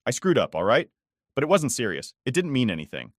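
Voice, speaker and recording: Brief: a man doing a desperate wife, higher voice, shaky and pleading, close and dry. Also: huge pitch swings, brisk, no echo. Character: cornered cheating wife, adult woman, defensive and pleading.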